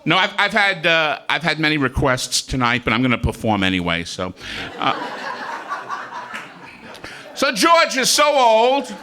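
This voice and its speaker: A male stand-up comedian working a comedy club stage, telling self-mocking jokes and chuckling through his punchlines. His voice is high and bright, swinging all over the place in pitch from one line to the next. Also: sing-song, unhurried, long pauses.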